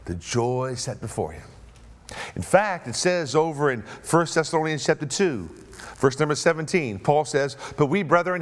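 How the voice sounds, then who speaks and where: High-voiced man preaching with big swings. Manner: dynamic preaching, swings between hushed low phrases and raised emphatic ones. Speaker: pastor. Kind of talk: sermon.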